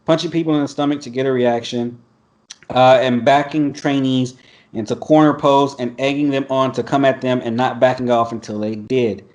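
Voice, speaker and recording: A man's voice: mid-range voice, fairly even intonation, moderate pace, darkish tone. Profane casual male podcast host. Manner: blunt, profane, laughs often. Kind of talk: casual chat, reading an article aloud. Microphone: video call.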